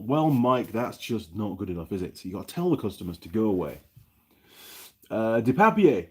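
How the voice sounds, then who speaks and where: On a relaxed live stream from his home workshop, a middle-aged New Zealand man rambles chattily, reading viewer comments aloud between snippets of mechanical know-how. His low, husky voice has a darkish tone and a sing-song lilt, and he talks fairly quickly.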